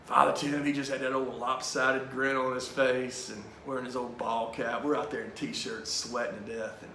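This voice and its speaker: A man leading a Bible study, telling a personal story in an animated, emphatic way. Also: mid-range voice, normal speed, hardly any pauses, reverberant, background noise.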